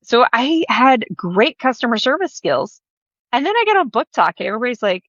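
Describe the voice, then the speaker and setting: A woman's voice: on the high side, sing-song, fairly quick, a bit bright, no room sound. Chatty woman with a toned-down Southern accent. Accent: Southern American, mostly toned down. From American South. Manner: chatty, blunt, laughs often. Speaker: guest author. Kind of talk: casual podcast interview. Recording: dull, slightly lo-fi audio.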